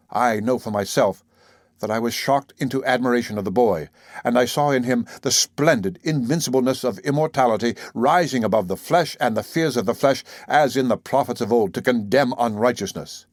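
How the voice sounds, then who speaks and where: A man narrating an audiobook in a measured, dramatic first-person reading. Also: medium pitch, no echo, clean studio sound.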